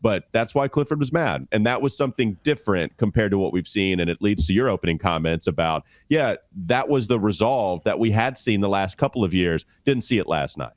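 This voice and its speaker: A man's voice: fairly low pitch, animated, a little fast, hardly any pauses, dry recording. A man hosting a sports podcast, weighing in with emphatic analysis. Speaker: podcast host. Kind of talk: casual sports chat.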